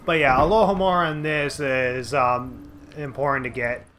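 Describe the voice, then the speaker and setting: A let's play host gives casual, rambling commentary over a video game he's playing at home, full of fillers and restarts. His mid-range voice is steady and a bit bright at a moderate pace, with slight background noise.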